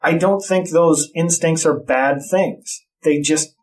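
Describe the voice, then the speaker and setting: A man's voice: a little high, slow. A middle-aged man in casual chat, telling blunt, profane stories about parenting.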